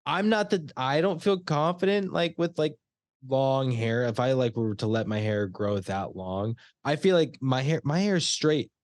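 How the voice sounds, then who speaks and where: A man's voice: medium pitch, normal speed, dry recording, clean studio sound. A young man co-hosting a casual movie podcast, laughing often and restarting his sentences. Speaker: podcast co-host.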